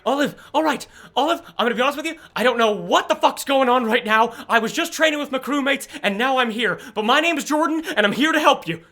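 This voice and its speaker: A man voicing an eighteen-year-old water genasi fighter, loud and blunt. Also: high voice, lively intonation, fast talker, hardly any pauses, voice pushed up. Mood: excited. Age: young adult. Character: young water genasi woman, brash fighter.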